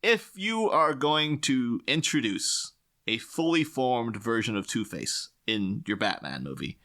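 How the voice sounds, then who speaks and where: A man's voice: medium pitch, very animated, measured pace, pushed and bright. A man co-hosting a podcast, chatting casually about a film, rambling with many fillers and frequent laughs. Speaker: podcast co-host. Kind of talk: casual film commentary chat.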